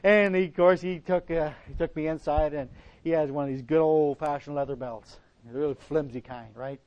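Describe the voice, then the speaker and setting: A man's voice: fairly high pitch, steady tone, normal speed. A middle-aged man, a pastor, preaching a sermon in a folksy, rambling way, telling a personal story with frequent restarts. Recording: dull lo-fi recording.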